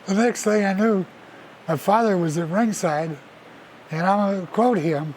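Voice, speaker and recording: An older former wrestler recalling an early match in an interview with wry humor. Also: male voice, sits high, unhurried, a little mellow, rough recording. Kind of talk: interview recollection.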